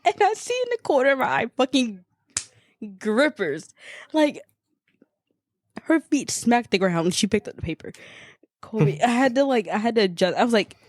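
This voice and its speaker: A woman's voice: on the high side, very animated, moderate pace, long pauses, no echo. A young woman, a podcast co-host, telling a story in casual chat, swearing and acting out the people she quotes.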